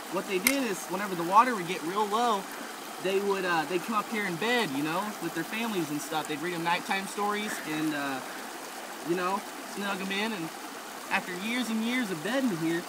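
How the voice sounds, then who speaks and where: A young man playing a nature guide by a creek, drawling and rambling with lots of fillers. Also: high-pitched. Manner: drawling, rambling with "you know" and "uh". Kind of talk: goofy nature-show parody. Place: outdoors by a creek. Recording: outdoor camera audio with loud stream noise.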